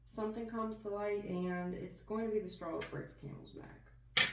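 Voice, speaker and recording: A woman's voice: mid-range voice, normal speed, heavy background noise. A woman gives a casual tarot reading in an emphatic, folksy manner, calling the listener hon and baby. Her voice sits in a middle range. She sounds distant from the mic, and the room echoes around her. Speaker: tarot reader.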